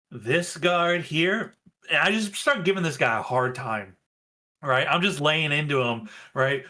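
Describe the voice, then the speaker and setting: A man playing a tabletop game, describing his character's actions hesitantly with many pauses and filler words. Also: mid-range voice, pushed and bright. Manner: hesitant, full of ums and uhs. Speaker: player.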